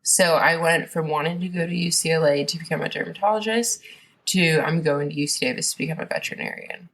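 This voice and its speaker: A woman's voice: deep voice, fast, vocal fry, fairly bright tone. A woman guest on a podcast, telling her story in a rambling, casual way with many fillers and restarts.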